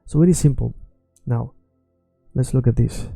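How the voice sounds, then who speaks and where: A man's voice: medium pitch, normal speed, creaky, pauses often, slightly rough, no echo, soft background music. A man who is not a native English speaker, confidently explaining a language lesson online. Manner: confident, self-assured, animated explanations. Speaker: language teacher.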